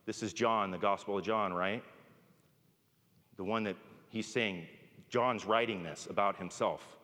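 A man's voice: lowish voice, steady tone, a little slow, pauses often, sharp tone. A man preaching a sermon in a conversational way, often checking in with "right?". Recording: long reverb of a large hall.

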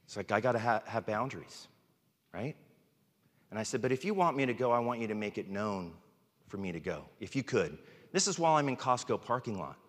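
A man's voice: lowish voice, lively intonation, a little fast, in a large hall. A man preaching a sermon, earnest and emotional, close to tears. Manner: earnest, emotional, tearful at times. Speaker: pastor.

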